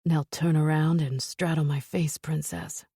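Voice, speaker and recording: A woman narrator voicing a commanding, possessive male mafia lover in an audiobook, speaking in a low growl and purr. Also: flat delivery, measured pace, gravelly, mellow, slightly rough, dry recording, clean studio sound, heavily acted. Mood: husky, commanding.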